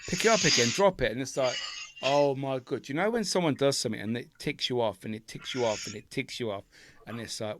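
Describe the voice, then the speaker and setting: A man's voice: medium pitch, fairly quick, a little hiss or hum. Ranting man, podcast co-host. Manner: ranting, heavy swearing, animated outbursts. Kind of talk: casual chat.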